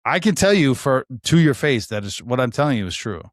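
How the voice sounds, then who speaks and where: A man's voice: medium pitch, fairly quick, dry recording. Man in his forties, podcast chat, swears freely, acts out each voice in his stories, dry close sound. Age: 40s. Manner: animated storyteller, acts out quoted dialogue, swears freely. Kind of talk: casual chat.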